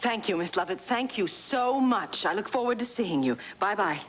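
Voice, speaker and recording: A woman's voice: mid-range voice, expressive, normal speed, a little hiss or hum, lightly acted, low-quality recording. An actress in a 1980s soap opera playing a determined woman who pleads urgently for access to old files. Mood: eager.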